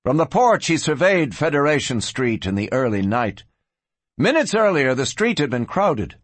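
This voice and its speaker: Expressive husky male audiobook narrator. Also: on the high side, normal speed, no room sound. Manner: expressive, varied storytelling. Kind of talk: scripted western audiobook narration.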